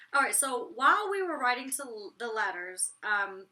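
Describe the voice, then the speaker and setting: A young woman with a raspy voice, chatting bluntly and casually about her own reality TV episode, full of slang and mild swearing. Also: sits high, expressive, moderate pace, bright, forceful tone. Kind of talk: casual vlog commentary.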